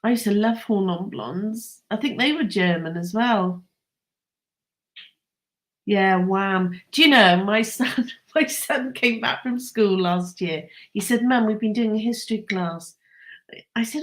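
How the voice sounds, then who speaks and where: A woman's voice: mid-range voice, measured pace. A woman, chatting casually with live viewers, enthusiastic and laughing often. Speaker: host.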